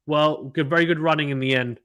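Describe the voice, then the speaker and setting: A man from the United Kingdom hosting a casual live cricket watchalong, reading viewer comments aloud and getting excited at big shots. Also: fairly high pitch, a little fast, clear, resonant tone. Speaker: host reading live chat.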